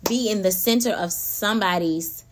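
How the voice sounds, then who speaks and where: Animated woman chatting with listeners. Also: mid-range voice, normal speed. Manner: animated, laughs often, talks straight to listeners. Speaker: podcast host. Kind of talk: casual spiritual talk.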